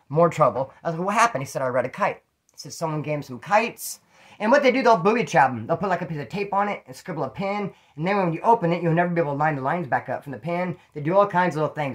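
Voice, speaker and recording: A man who served time, telling his own prison stories in a rambling, profane way full of street slang. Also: on the high side. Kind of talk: casual spoken storytelling.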